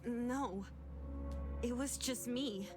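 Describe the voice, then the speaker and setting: A woman reading the lines of a timid, self-blaming young woman from a game, slowly and hesitantly. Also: a little high, music in the background.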